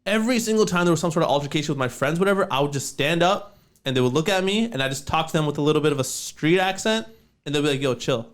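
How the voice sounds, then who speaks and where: Fast-talking laid-back young man. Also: a little high, lively intonation, clear, resonant tone. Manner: laid-back, slangy, swears often. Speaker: podcast co-host. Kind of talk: casual podcast chat.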